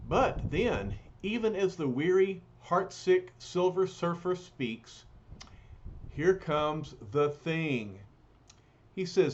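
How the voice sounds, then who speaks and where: Male storyteller, dramatic comic reading, slightly high voice, muffled sound. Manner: slow, animated, dramatic narration. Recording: dull lo-fi recording.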